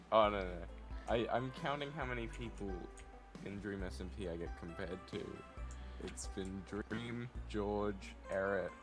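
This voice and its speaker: A man joining a gaming stream as a guest, chatting casually and easygoing, quick to laugh. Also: lowish voice, music in the background. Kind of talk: casual chat while gaming.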